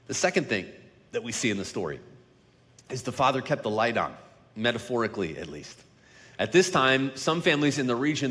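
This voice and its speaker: A male pastor preaching a sermon, slowing down and dropping to a hush for emphasis, then building up louder on key points. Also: medium pitch. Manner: dynamic delivery, slowing and dropping quiet for emphasis. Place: large church sanctuary. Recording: long reverb of a large hall.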